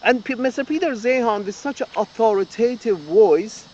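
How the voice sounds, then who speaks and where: A man's voice: high-pitched, expressive, normal speed, few pauses, a little mellow, dull audio, a little hiss or hum. A man delivering an angry, profane political rant as an open letter, repeating himself and restarting sentences. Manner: angry, profane, repetitive ranting with frequent restarts. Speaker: political commentator. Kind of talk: ranting open-letter monologue.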